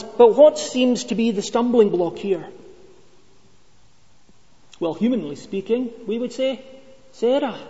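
A Scottish man with a high-sitting, mellow voice preaches a sermon, telling stories and putting questions to the congregation. His manner is storytelling and conversational, with rhetorical questions, and the recording is dull and lo-fi with long reverb.

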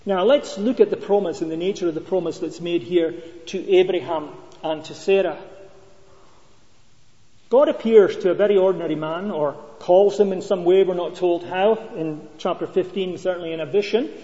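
A man's voice: high-pitched, normal speed, mellow. A man preaching a sermon, telling stories and asking the congregation questions. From Scotland. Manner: storytelling, conversational with rhetorical questions. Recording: dull lo-fi sound with long reverb.

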